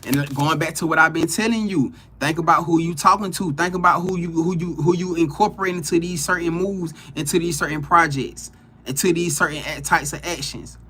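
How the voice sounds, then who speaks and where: Bright-voiced man giving a tarot talk. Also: a little high, brisk, a little hiss or hum. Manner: loose, repetitive and animated, with slang and swearing. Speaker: tarot reader on a live stream. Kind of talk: casual spiritual talk to viewers.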